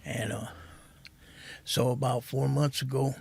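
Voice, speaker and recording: A middle-aged man telling his recovery story as a podcast guest, soft-spoken and halting, saying "man" often. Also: medium pitch, level tone, vocal fry, slightly rough, no room sound.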